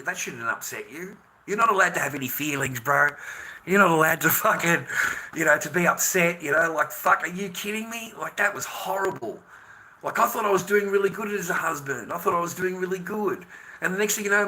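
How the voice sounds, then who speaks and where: A man in his fifties with an Australian accent rants on a livestream, swearing freely as he lectures other men. His voice sits a touch high for a man and has a hard, cutting edge. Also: lively intonation, fairly quick, bright, forceful tone. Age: 50s. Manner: heated, profane, lecturing the men in his audience. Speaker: livestreamer addressing viewers. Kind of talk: ranting livestream monologue.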